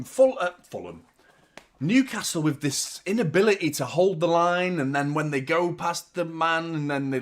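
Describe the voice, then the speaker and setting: Manc guy hosting a footy watchalong, excitable, yells at the telly, swears a lot. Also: a little high. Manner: excitable, swears, shouts at the play. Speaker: football watchalong host. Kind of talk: live match reaction commentary.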